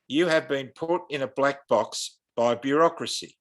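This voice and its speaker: Australian man, earnest, impassioned, preacherly, mid-pitched voice. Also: unhurried. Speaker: guest. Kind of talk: earnest podcast interview.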